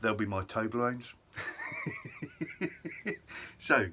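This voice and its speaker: A man's voice: medium pitch, wildly swooping pitch, drawn-out words, pushed and bright, slight background noise. A young man casually telling a self-mocking story to camera, full of ums and asides. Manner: chatty, self-mocking, lots of ums and et ceteras. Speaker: vlogger.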